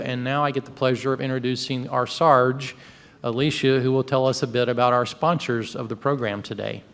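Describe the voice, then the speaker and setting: Brief: male club president, upbeat announcements, mid pitch, long hall reverb. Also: smooth. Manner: upbeat, joking. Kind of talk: meeting announcements.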